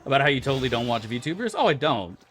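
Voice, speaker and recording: A man's voice: medium pitch, sing-song, quick pace, fairly bright tone, faint music behind. A young man streaming a game, chatting casually with his viewers in a laid-back, joking and profane way. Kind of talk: casual live-stream chat.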